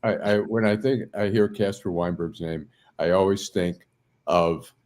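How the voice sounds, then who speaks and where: A man's voice: low-pitched, unhurried, a little mellow. A man speaking as a guest on a news panel, blunt and conversational as he tells stories. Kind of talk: casual panel discussion.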